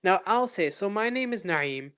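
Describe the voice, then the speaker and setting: A man co-hosting a podcast, chatting casually and thoughtfully, pausing often with fillers and restarts. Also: high voice, lively intonation, bright, forceful tone, clear, resonant tone. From United States. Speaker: podcast co-host. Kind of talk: casual chat.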